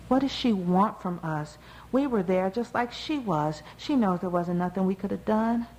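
A woman's voice: mid-range voice, expressive, moderate pace, darkish tone, slight background noise, natural voice, poor audio. A woman voicing a bold, brash young woman, an older sister who talks bluntly and swears. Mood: defiant.

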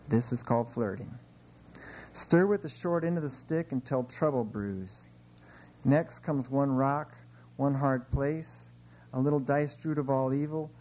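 Middle-aged male author, warm low tone, relaxed informal reading of his short stories. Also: a little hiss or hum, poor audio. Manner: relaxed, chatty asides between dry readings.

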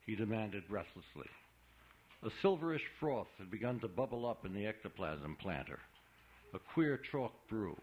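A man narrating a novel in a measured, deliberate reading. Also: lowish voice, sing-song, a little mellow, low-quality recording. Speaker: audiobook narrator. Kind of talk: scripted narration.

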